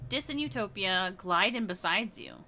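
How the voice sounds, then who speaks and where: A woman streaming a story game, reading its text aloud and reacting with gasps and quick asides. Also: medium pitch, animated, pushed and bright.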